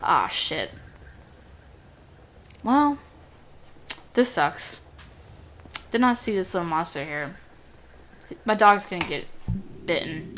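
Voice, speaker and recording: A woman's voice: mid-range voice, lively intonation, very slow, pauses often, noisy background. A young adult woman with a youthful, girlish voice, chatting and ranting casually over gameplay, easily distracted and swearing now and then. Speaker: gameplay commentator.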